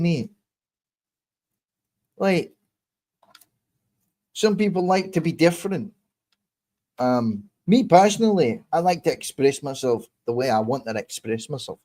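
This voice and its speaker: A man's voice: medium pitch, darkish tone. Boastful man, put-on Scottish accent, swearing, rambling to camera. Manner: boastful, swearing, self-assured. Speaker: YouTuber. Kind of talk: rambling casual monologue.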